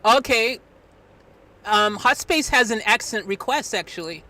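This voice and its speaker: A live streamer chatting casually, animated and rambling with many restarts, picked up a bit away from the mic. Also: mid-range voice, a little slow.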